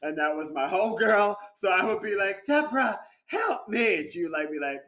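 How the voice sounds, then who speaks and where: A man's voice: a little high, a little fast. A man chatting as a guest actor over a video call, telling stories with lots of laughter. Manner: animated storyteller, laughs often. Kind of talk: casual interview chat.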